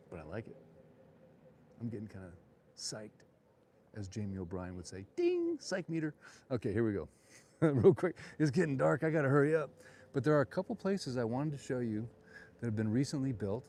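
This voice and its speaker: A man's voice: medium pitch, a little mellow, slight background noise. A man, a realtor, chatting and joking in opinionated asides while walking outdoors through town streets on a live vlog tour, filmed on a handheld phone.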